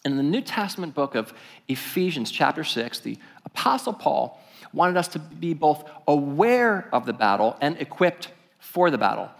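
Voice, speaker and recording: Pastor preaching in a reverberant hall. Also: male voice, on the high side, normal speed, creaky. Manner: storytelling, animated and conversational. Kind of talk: sermon.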